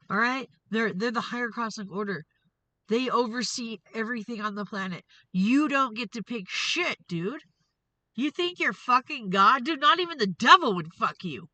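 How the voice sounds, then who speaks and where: A woman's voice: fairly high pitch, expressive, moderate pace, sharp tone, no echo, rough recording. A woman hosting a tarot reading vlog, ranting in an angry, profane, confrontational way. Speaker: tarot reader and show host.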